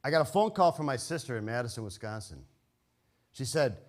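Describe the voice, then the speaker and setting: An older man telling a comic, personal story live on stage, wry and halting, with frequent restarts. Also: mid-range voice, big pitch swings.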